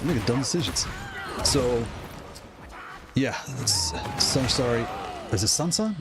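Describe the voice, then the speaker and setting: A man streaming a fighting game live, commenting on his matches with excitable outbursts and playful trash-talk aimed at his opponent. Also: mid-range voice, normal speed, pauses often. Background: loud music.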